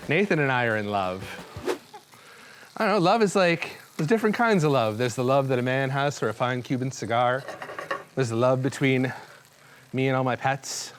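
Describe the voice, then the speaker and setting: A man's voice: mid-range voice, expressive, moderate pace, long pauses, a little hiss or hum. A man hosting a cooking show, chatting in a rambling, self-mocking, nervous-joking way. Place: studio kitchen.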